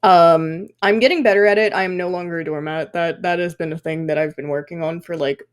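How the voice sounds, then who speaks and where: A young woman in her twenties chats on a podcast, spinning animated work stories full of swearing and filler words. Her voice sits a little low for a woman. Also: fairly quick, clear, resonant tone. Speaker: podcast guest. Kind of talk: casual podcast chat.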